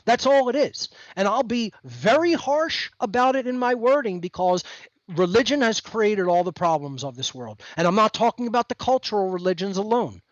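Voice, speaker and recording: A man's voice: sits high, animated, moderate pace, dry recording, muffled recording. A man as the guest on a podcast, talking in an emphatic, lecturing way over a remote call. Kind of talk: podcast conversation.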